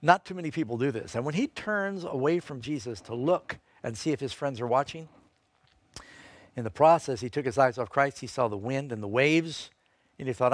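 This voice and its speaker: A male preacher delivers a sermon in a middle-pitched voice, retelling scripture as a story and lifting pitch and force on key points. The sound is dry and close, with little room echo. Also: animated, normal speed. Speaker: pastor.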